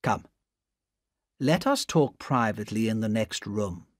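A man voicing a calm, cool-headed Englishman who speaks smoothly. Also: lowish voice, unhurried, dry recording, clean studio sound.

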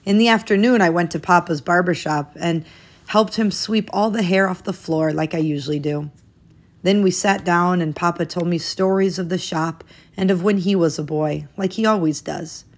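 A woman with a slightly low voice reads a children's picture book aloud. Her reading is expressive and gentle, and her voice rises brightly to mark each new part of the story. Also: moderate pace. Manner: expressive, lifting her voice at new days and exclamations.

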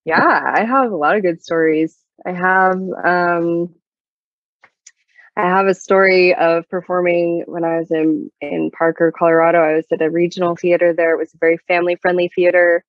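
A woman's voice: fairly low pitch, fairly even intonation, moderate pace, no room sound. A young woman, a guest singer-songwriter, telling a story in a casual interview with a chatty manner and many fillers. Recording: dull lo-fi dry sound.

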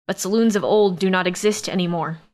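A woman voicing an arrogant male alien nobleman and soldier in an audiobook, speaking slowly, curtly and commandingly. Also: fairly low pitch, a little mellow, close to an everyday voice. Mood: irritated. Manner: slow, curt and commanding. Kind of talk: audiobook character voice.

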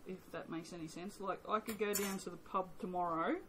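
Briskly and in a steady, fairly low voice, an Australian soap maker chats casually while working in her home workshop. She rambles and pokes fun at herself in this vlog, with background noise present.

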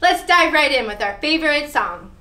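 A woman, a children's librarian, hosting a storytime with sing-song, encouraging, expressive reading. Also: high voice, moderate pace.

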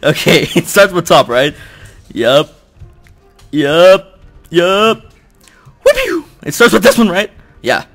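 Excitable young man yelling over a game. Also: on the high side, moderate pace, vocal fry, faint music behind. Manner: excitable, shouts and groans in frustration, jokes at himself. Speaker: YouTuber playing a video game. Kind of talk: let's play commentary. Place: at home. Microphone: desk microphone.

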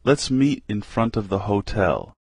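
A man reading common English phrases one by one for learners, slowly and with careful enunciation. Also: lowish voice, sing-song, husky, dry recording.

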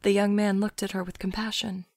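A woman reading a literary story aloud, in a soft, often near-whispered narration. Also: mid-range voice, little pitch movement, brisk, dry recording, clean studio sound.

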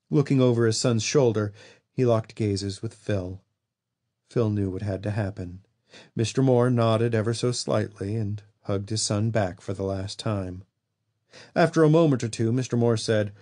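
A man reading a horror novel aloud as an audiobook narrator, in steady storytelling. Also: lowish voice. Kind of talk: scripted narration.

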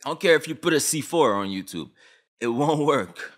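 A man's voice: a little high, animated, normal speed. A young man from Canada ranting on camera about a law, agitated, blunt and full of slang. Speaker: vlogger. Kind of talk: heated opinion rant.

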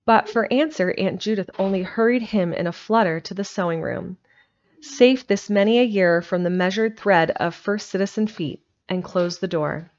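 A woman reads an old storybook aloud, gentle and expressive in her delivery. Her voice sits at a middle pitch. The sound is dull and lo-fi, like a simple home setup. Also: moderate pace. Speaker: narrator. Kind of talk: storybook reading.

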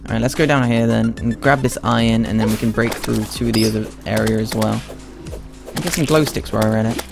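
A man's voice: lowish voice, fairly even intonation, a little fast, creaky. Chatty young man streaming a game. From Britain. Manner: chatty and playful, reading out chat messages. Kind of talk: casual live-stream commentary. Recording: game music playing behind the voice.

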